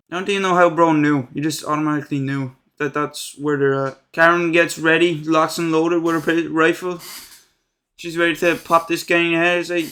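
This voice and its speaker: A man's voice: fairly high pitch, little pitch movement, brisk, fairly bright tone. A young man giving a casual, comedic recap of a horror movie, full of slang, crude jokes and asides.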